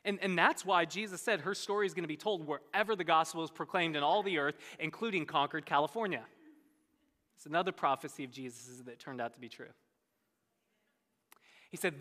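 A pastor preaching a sermon with animated storytelling, often repeating words as he starts sentences. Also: brisk, in a large hall. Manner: animated storytelling, voices quoted speakers with big pitch jumps.

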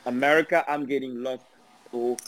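French-accented man telling lively stories. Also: medium pitch, no echo. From Angola. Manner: animated, laughing, halting restarts. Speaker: guest. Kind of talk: casual storytelling chat.

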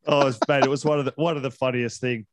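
A man's voice: mid-range voice, steady tone, fast talker, dry recording. A man hosting a casual interview, friendly and chatty, saying mate often. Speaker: interview host, club rugby player.

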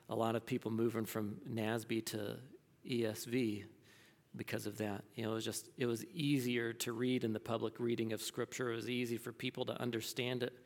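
Man lecturing in a reverberant hall. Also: medium pitch. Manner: thinking aloud with many restarts and fillers. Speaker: teacher. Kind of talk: classroom lecture answering questions.

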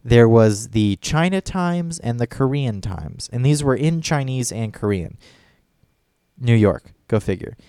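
A man's voice: mid-range voice, animated, a little slow, dark tone, smooth, no room sound, studio quality. A man telling a story in a casual podcast chat, rambling and swearing often. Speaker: podcast co-host.

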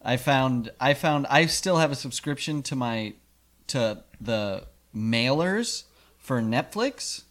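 Animated man telling a story. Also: mid-range voice, takes it slowly. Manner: animated storyteller, swears for comic effect. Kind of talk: casual chat.

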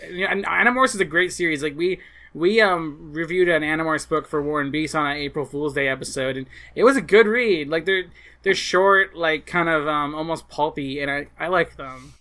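A woman's voice: low voice, moderate pace, a bit bright. A woman co-hosting a podcast, chatting casually in a teasing, enthusiastic way. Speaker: podcast co-host. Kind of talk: casual chat.

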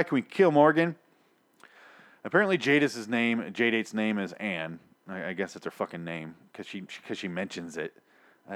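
Reviewing a TV episode, a young man delivers a sarcastic, exasperated, swear-filled recap, tripping over words and restarting frequently. His voice sits lowish with a slightly bright quality.

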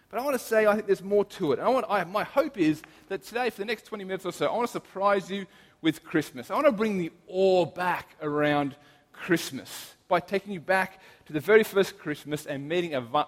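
A young man, preaching a casual sermon, telling stories in a chatty, animated way with lots of fillers and restarts. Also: high voice, moderate pace. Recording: long hall reverb.

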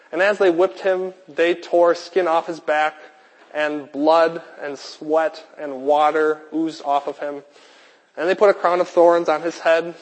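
A man preaching a sermon with a repetitive, emphatic cadence. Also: fairly high pitch. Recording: long hall reverb.

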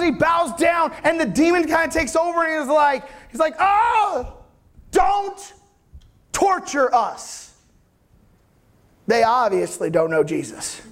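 An animated man preaching with a strikingly high voice. He laughs easily and keeps asking his listeners whether they follow him. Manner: animated, laughing, asks for agreement. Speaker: pastor. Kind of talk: sermon.

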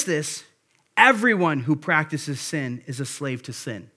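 A man preaching in a fairly high, conversational voice. He retells scripture in everyday words and works through his points with stops and restarts before pressing them home with emphasis. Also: animated, measured pace, sharp tone. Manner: frequent restarts and fillers, then builds to emphatic points. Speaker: pastor. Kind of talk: sermon.

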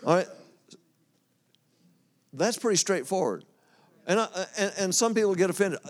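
Speaking unhurriedly and pausing often, this man has a slightly high, animated voice. He gives a homespun, casual sermon, reading scripture and talking it over with the congregation, speaking straight to them and laughing when he loses his place.

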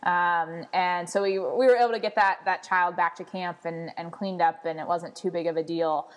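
A woman's voice: lowish voice, fairly even intonation, normal speed. Chatty woman recounting camp mishaps. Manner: chatty storyteller with fillers. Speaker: podcast guest, camp director. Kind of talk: casual chat.

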